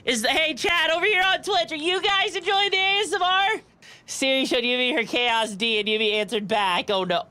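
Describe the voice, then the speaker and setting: A woman's voice: high voice, moderate pace. A young woman streaming casually, giggling often and chatting back to her viewers. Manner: giggly, animated, reads and answers chat. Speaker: VTuber streamer. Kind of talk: casual live-stream chat.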